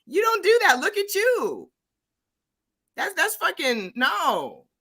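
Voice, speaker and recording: Hosting a livestream, this American woman gets into a heated argument, swearing, confronting, and saying the same things over and over. She speaks slowly in a very high, slightly bright voice with huge swings in pitch.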